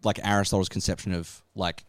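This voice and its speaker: A man's voice: low voice, level tone, brisk, smooth, no room sound. A man co-hosting a podcast, explaining ideas in casual chat, with many "like"s and "right?"s. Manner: explanatory, filler-heavy, says "like" and "right?" often. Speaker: podcast co-host explaining catechism. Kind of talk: casual discussion.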